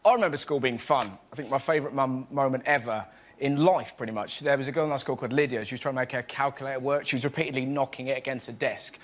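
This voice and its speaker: A man's voice: medium pitch, steady tone, fast talker. A man performing a cheeky stand-up routine on a comedy panel show.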